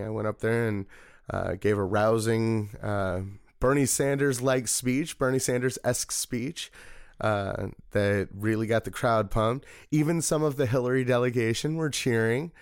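A political party committeeman from Missouri, appearing as a guest in a casual interview, spins a long, meandering story packed with fillers. His voice is lowish, clear and resonant, moving at a moderate pace, and the clean studio recording has no echo. He sounds relaxed throughout.

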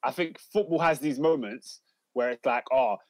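A man's voice: medium pitch, a little mellow, dry recording. Chatty man hosting a football stream. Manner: chatty, reads out viewer comments, measured analysis. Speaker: host of a football watchalong stream. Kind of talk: casual live-stream football commentary.

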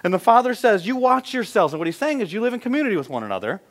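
A man in his thirties preaches a sermon, his voice sitting a little higher than most men's. He tells stories with animated swings, dropping low and quiet and then climbing loud. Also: racing. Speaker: pastor.

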